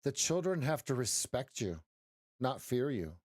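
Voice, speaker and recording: A middle-aged trading coach runs a casual live stream, rambling and joking with many restarts and "right?" tags. He talks a little slowly in a sing-song, medium-pitched voice that is a little mellow, recorded at studio quality with no room sound.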